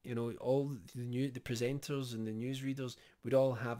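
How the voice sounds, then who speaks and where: A man talks through his thoughts on a horror series in a loose, conversational way. His voice sits at an ordinary middle pitch, and he pauses often with fillers and restarts as he works out what to say. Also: level tone, warm tone. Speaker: horror reviewer. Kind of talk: casual spoken review.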